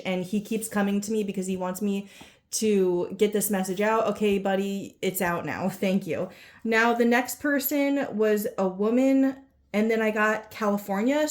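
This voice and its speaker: A woman giving a casual psychic reading, rambling and unsure, full of fillers and self-corrections. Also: medium pitch. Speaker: psychic reader. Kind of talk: casual spoken channelling reading.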